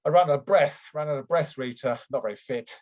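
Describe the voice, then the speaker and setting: A man's voice: mid-range voice, quick pace, darkish tone, lightly acted. A man playing a rambling, flustered lord. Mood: bumbling. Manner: rambling, hesitant, full of ums and restarts. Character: bumbling middle-aged male aristocrat, flustered and unfit. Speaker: improv performer. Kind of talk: improvised comedy scene. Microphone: video call. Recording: dull lo-fi video call audio.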